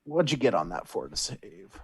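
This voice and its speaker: Lively man running a tabletop game. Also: fairly low pitch, very noisy. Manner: animated, quick rulings with filler restarts. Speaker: game master.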